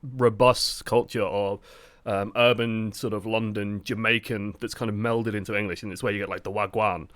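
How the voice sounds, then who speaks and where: A man's voice: lowish voice, moderate pace, dry recording. Chatty male streamer, dry sound. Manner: chatty and animated, full of "like" fillers. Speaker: gaming streamer. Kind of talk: casual gaming chat.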